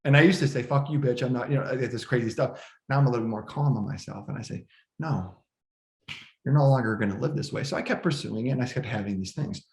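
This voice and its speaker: Fast and gravelly yet slightly mellow, this medium-pitched man shares a personal story as a podcast guest. His telling is emotional and fidgety, filled with restarts and quoted speech, and the home room gives it a roomy sound.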